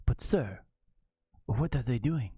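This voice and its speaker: Man playing a nervous male aide, slow-spoken, close and dry. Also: medium pitch, expressive, dark tone, husky, no room sound, faint music behind, full character voice. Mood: worried. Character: anxious male aide, adult.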